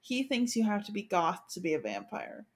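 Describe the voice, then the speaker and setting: A woman in a casual podcast chat about a book, speaking at a middle pitch. She is laid-back and drops wry, teasing asides, with plenty of "mm-hmm"s while her partner talks. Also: big pitch swings, fairly quick, slightly rough. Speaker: podcast co-host.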